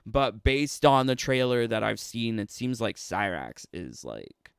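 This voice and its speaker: A man's voice: on the low side, expressive, measured pace, vocal fry, clear, resonant tone, no room sound, studio quality. A man with a Canadian accent, streaming and ranting casually, sarcastic and laughing often between phrases. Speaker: streamer and commentator. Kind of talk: casual livestream rant.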